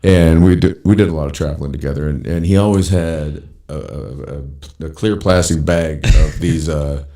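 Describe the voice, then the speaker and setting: Low, mellow man telling rambling stories. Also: normal speed, hardly any pauses. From Pacific Northwest of the US. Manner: rambling, profane, laughs often. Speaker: podcast host. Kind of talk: casual storytelling chat.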